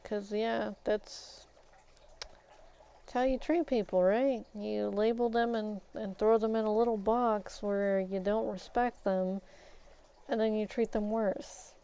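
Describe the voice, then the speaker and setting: A woman's voice: medium pitch, fairly even intonation, slow pace, dark tone, smooth, dull audio. A woman gaming streamer chatting casually while she plays, rambling and candid with mild swearing. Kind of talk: casual chat while playing a game.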